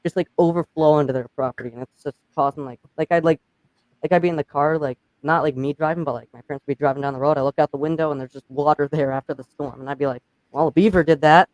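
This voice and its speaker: Young male stream host, quick rambling chatter, slightly high voice. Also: steady tone, darkish tone, dry recording, rough recording. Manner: rambling, heavy use of "like". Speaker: channel host. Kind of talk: casual live-stream chat.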